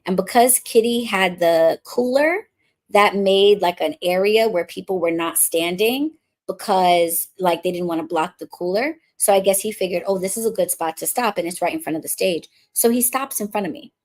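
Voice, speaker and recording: With a lowish voice at a normal pace, this adult woman from the Bronx tells a relaxed, chatty story, animatedly acting out the dialogue. She's a witchcraft coach and podcast host who has been married since before 2020.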